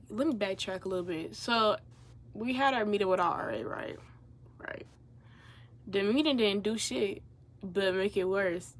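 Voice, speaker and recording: A young woman telling a story casually as she gets ready on camera, animated and profane, turning loud when she gets riled up. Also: mid-range voice, slight background noise. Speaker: vlogger.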